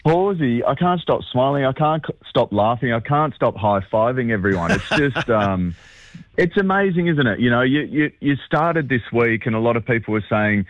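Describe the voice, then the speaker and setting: A sports broadcaster phones in as a guest on a sports radio show for an excited interview, bubbly and rambling, laughing often and using many fillers. His mid-range voice is expressive at normal speed, heard over a dry, tinny telephone line.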